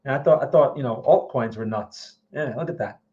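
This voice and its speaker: A trading stream host talks fairly quickly at medium pitch, and the audio is narrow and tinny. He keeps the market livestream casual, answering viewers as he reads his charts and often checking in with "all right" and "okay."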